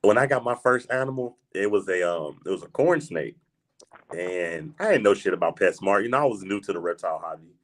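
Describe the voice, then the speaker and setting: A man with a fairly low voice hosts a casual livestream chat. He talks loosely and swears freely. He keeps tossing in "man" as he goes. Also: very animated, brisk, creaky. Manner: laid-back, swears freely, says "man" a lot. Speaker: podcast host.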